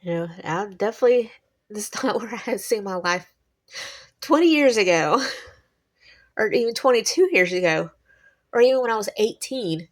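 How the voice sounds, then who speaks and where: A woman's voice: mid-range voice, expressive, normal speed, pauses often. A woman, chatting in a rambling personal monologue and laughing between thoughts. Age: 40s. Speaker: vlogger.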